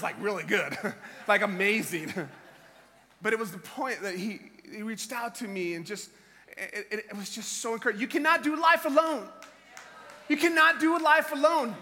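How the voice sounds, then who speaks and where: Middle-aged male preacher, very high sharp voice, passionate shouted exhortations, echoing hall. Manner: impassioned, shouting exhortations with chuckles. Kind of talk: sermon. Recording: reverberant hall.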